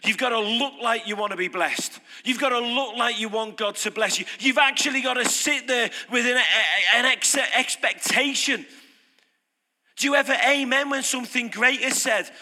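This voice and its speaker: A man's voice: extremely high pitch, moderate pace, pushed and bright. A man preaching an off-the-cuff sermon, emphatic and repeating phrases for punch. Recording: long hall reverb.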